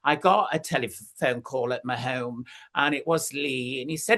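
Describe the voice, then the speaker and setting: A guest in their sixties tells stories at an easy, rambling pace. The voice leaps up and drops down in pitch as the stories go on, full of ums and you-knows. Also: moderate pace, hardly any pauses, pushed and bright. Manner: chatty storyteller, many fillers, big pitch swings. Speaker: guest, former recording artist. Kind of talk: anecdotal interview chat.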